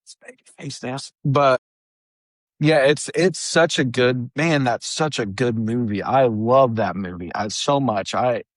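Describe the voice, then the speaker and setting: A man co-hosting a podcast chats animatedly and casually about movies, putting on silly high voices when he quotes. He speaks a little slowly, with no echo.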